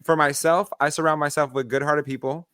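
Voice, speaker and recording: A man co-hosting a podcast, chatting casually and telling animated stories with acted-out voices. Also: on the high side, a little fast, dry recording, studio quality. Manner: animated storyteller acting out voices. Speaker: podcast co-host. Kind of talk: casual chat.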